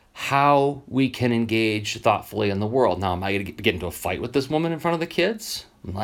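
Animated man telling classroom stories. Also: mid-range voice. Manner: animated storyteller, acts out quoted voices. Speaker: teacher and podcast host. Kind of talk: casual solo podcast monologue.

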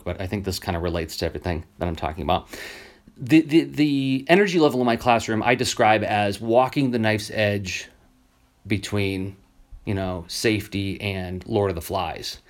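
Male teacher-podcaster, casual solo monologue, animated storyteller. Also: fairly low pitch, moderate pace. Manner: animated storyteller, acts out quoted voices.

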